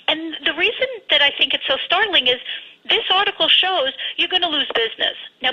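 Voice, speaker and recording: A woman with a very bright, slightly higher voice and a husky edge speaks emphatically as a radio guest. She comes through a dull, lo-fi phone line. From United States. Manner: emphatic, advice-giving, frank opinions. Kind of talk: radio interview over the phone.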